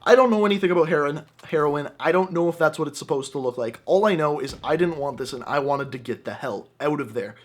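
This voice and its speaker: A young man hosting a gaming channel, telling an animated, jokey personal story over gameplay commentary. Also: on the high side, quick pace, few pauses.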